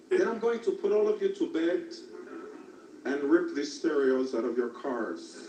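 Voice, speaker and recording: A man doing stand-up comedy, telling a crude story in a deadpan way, recorded from far off in an echoey, noisy club. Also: very high-pitched.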